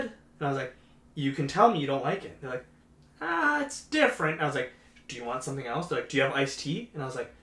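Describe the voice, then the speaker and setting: A man's voice: mid-range voice, fairly bright tone. A man co-hosting a podcast, telling a long rambling story in casual chat, full of "like" and quoted back-and-forth. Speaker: podcast co-host. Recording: roomy echoey room.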